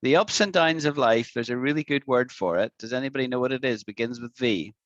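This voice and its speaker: Guy running an online english class over a video call, patient, says words slow, dry close sound. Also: medium pitch, fairly bright tone, no echo, dull audio. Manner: patient, repeats words slowly for practice. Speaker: English teacher.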